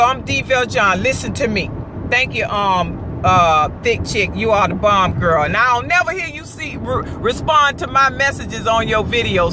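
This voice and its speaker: Her voice is a little high, and there is background noise. She is a woman on her drive home from work, filming an impassioned opinion vlog from the car, preaching and hammering her points again and again.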